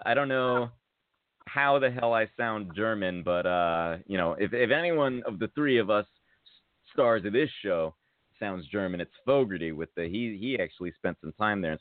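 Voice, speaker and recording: An American man hosts a podcast and tells a rambling, casual story, with lots of filler along the way. His voice sits low. The audio is dry and narrow, much like a phone line. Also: no echo. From United States. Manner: rambling, loose, with many fillers. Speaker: podcast host. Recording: tinny phone-like sound.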